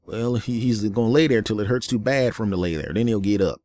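A man's voice: on the low side, fast, mellow, pitched above the performer's own voice, natural voice. A man voicing a laid-back fellow sitting on his porch, answering in a matter-of-fact way.

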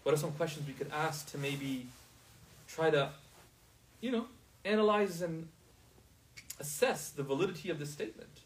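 Guy teaching a class, kinda high voice, keeps asking if they get it, sounds far from the mic. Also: animated, moderate pace, pauses often. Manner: asks the class often if they understand.

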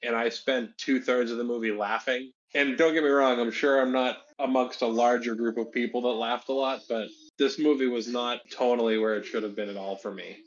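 A man's voice: mid-range voice, fairly even intonation, a little fast, few pauses. A man co-hosts a casual movie podcast in an easygoing, hesitant way, often stumbling and restarting his thoughts. The recording sounds a little dull and lo-fi. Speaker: podcast co-host.

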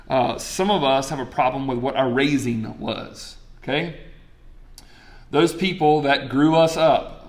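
A man, preaching a sermon in a conversational way and asking the crowd questions. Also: medium pitch. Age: 40s. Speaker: pastor.

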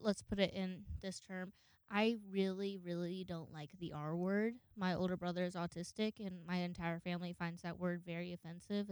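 A woman's voice: medium pitch, darkish tone, clean tone, no echo, studio quality. A young woman in her twenties telling a rambling, profanity-laced story in a casual monologue, acting out the voices of the people in it. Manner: rambling, swears a lot, acts out voices in quotes.

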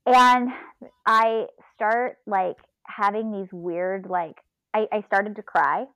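Animated woman telling a story. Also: medium pitch, slow, no room sound, dull audio. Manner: animated, laughing, quotes her own inner voice. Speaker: podcast guest, ultrarunner. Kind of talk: casual storytelling.

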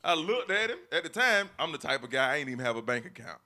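A man's voice: on the high side, big pitch swings, fast, bright, forceful tone. A man in casual podcast chat, explaining his side in an earnest, persuasive way.

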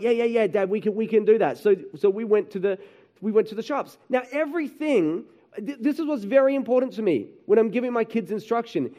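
Aussie pastor guy, really high voice, chatty story sermon about his kids. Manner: animated storytelling, acts out his kids and himself, frequent "right?". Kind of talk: sermon with personal stories.

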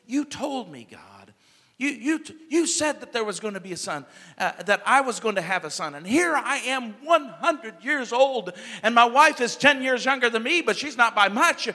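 A man's voice: very high voice, animated, moderate pace, pushed and bright, big-room sound, voice pushed up, heavily acted. A man voicing an aged Abraham who pleads with God in doubt, in a sermon retelling. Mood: pleading. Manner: pleading, incredulous.

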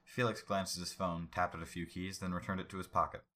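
Man, deep voice, bright tone, storytelling, unhurried. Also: little pitch movement. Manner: unhurried, with asides about the text. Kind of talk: reading a story aloud.

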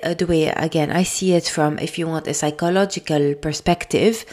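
A woman speaking English with a French accent hosts a solo podcast. Her voice sits a little low, and she talks in an easy, reflective way, often pausing on fillers and restarting her words. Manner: thoughtful, gentle, with frequent fillers and restarts. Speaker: podcast host. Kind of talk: casual solo podcast talk.

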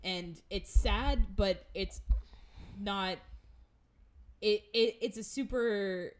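A woman in casual podcast chat, recapping an anime with animated retelling and acted-out lines, sarcastic and swearing. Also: mid-range voice, drawn-out words.

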